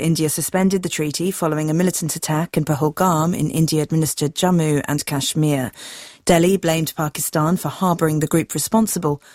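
A woman reading the world news in a measured, formal way. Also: low voice, a little mellow, no echo, clean studio sound. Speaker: newsreader.

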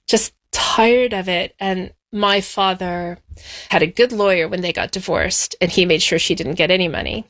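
A woman in an interview, telling a personal story from her childhood in a measured, reflective way and slowing down on the painful parts. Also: mid-range voice, fairly bright tone. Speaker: interview guest.

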